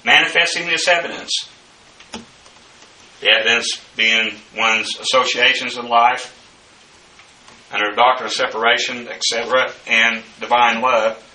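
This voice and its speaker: A man teaching the Bible verse by verse, in a slow, deliberate lecturing manner with frequent fillers. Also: medium pitch, fairly even intonation, pushed and bright, slight background noise. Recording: echoey room, mic at a distance.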